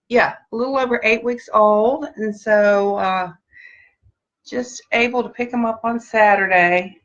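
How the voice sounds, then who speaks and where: A woman's voice: on the high side, fairly bright tone, dull audio. A middle-aged woman hosting a casual live video chat, greeting viewers by name in an upbeat, gushing way. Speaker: host.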